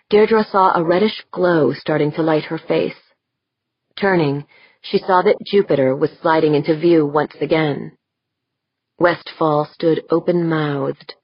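A woman narrating a science fiction audiobook in a steady, measured way. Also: deep voice, husky, dry recording, highs cut off. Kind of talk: scripted narration.

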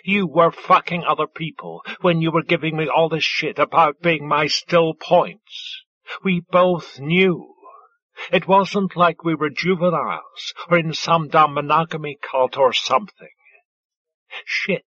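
A male narrator voicing a sardonic adult woman who stays calm, ironic and crude under attack. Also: sits low, measured pace, dry recording, highs cut off. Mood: defiant.

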